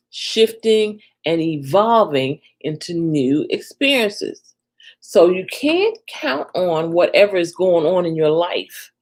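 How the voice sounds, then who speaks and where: A woman giving spiritual guidance on a live stream, ending her phrases with a soft "okay?". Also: on the low side.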